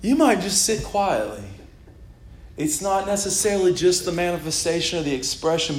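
A middle-aged pastor preaching in a relaxed, conversational way that keeps breaking into laughter and excited shouts. His voice sits fairly high for a man. The sound carries the echo of a church room. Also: normal speed. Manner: casual, animated preaching with laughs and bursts of shouting. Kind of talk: sermon. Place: church sanctuary.

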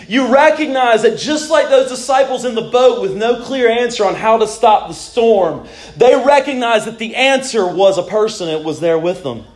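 A man's voice: high-pitched, a little mellow, roomy sound. A man preaching a sermon, reading scripture aloud with dramatic rises and drops in his delivery. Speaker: pastor.

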